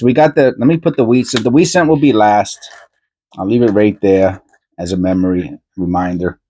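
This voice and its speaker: A man hosting his own coin hunting video, talking casually and rambling as he goes, often repeating himself and correcting himself mid-sentence with excited asides. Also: medium pitch, a little hiss or hum. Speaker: coin roll hunting channel host. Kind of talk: casual chat while searching coins.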